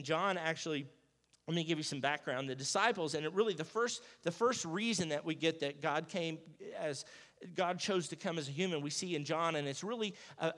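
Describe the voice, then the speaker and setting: High-voiced pastor preaching in a reverberant church. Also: male voice. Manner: acts out Bible dialogue in a lively, jokey everyday voice. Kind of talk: casual conversational sermon. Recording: church sanctuary with long reverb.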